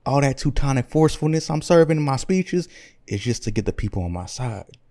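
A man's voice: mid-range voice, lively intonation, fairly quick, dark tone, voice pushed up, close to an everyday voice. A man voicing a brash, street-talking comic dictator with loose slangy delivery. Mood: boastful.

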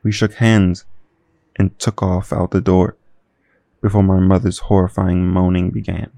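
A man narrating a noir audio drama in deadpan first person. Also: deep voice, unhurried, gravelly, dry recording. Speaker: narrator and producer.

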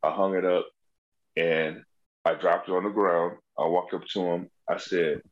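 A man's voice: deep voice, normal speed, dull audio. A man on a comedy podcast telling road and prison stories in casual, profane chat, acting out the voices of people in them. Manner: animated, profane, acts out quoted voices. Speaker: comedian guest.

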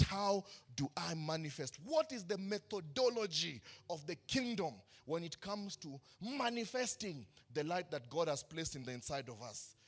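Male pastor, high bright voice, emphatic call-and-response preaching. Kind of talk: sermon.

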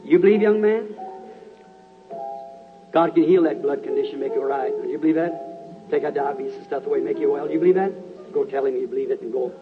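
Man preacher, fairly high voice, earnest healing-service sermon, muffled lo-fi tape with faint music behind. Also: a little fast, long pauses. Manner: earnest, calls out to people in the crowd.

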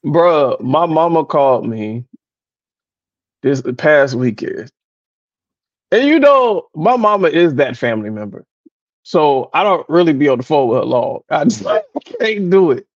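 A man's voice: on the high side, sing-song, a little slow, pauses often, no room sound, dull audio. A man co-hosting a casual podcast chat, telling stories animatedly, doing impressions of his relatives and laughing often. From American South. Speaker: podcast co-host.

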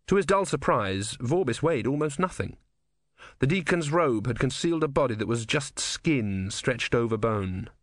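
A man narrating a comic fantasy novel in a wry, measured storytelling manner. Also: medium pitch, animated, dry recording, clean studio sound. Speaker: audiobook narrator. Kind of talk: scripted narration.

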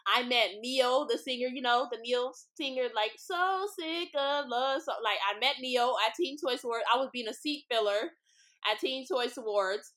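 A woman's voice: fairly high pitch, fairly even intonation, moderate pace, fairly bright tone. A young woman from Los Angeles hosting a podcast, telling stories in a blunt, profane, chatty way, full of "like" and "y'all.". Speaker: podcast host. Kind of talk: casual storytelling monologue. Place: street-side spot with passing cars.

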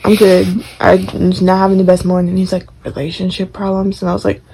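Recent grad, podcast co-host, blunt and profane, lowish husky voice. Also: female voice, completely flat delivery, fast talker, warm tone, low-quality recording. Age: young adult. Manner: blunt, profane, laughs often. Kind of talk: casual chat.

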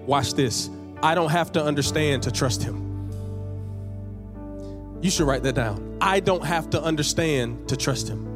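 A man preaching a sermon as pastor, repeating phrases and building to emphatic high peaks, sometimes dropping into casual slang. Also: a little slow, long pauses, music in the background. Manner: conversational, uses casual slang.

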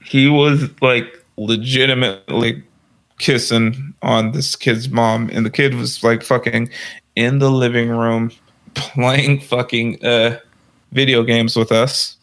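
A man's voice: mid-range voice, fairly even intonation, slow, a bit bright. A young man telling a crude, rambling story in casual chat and laughing at it as he goes.

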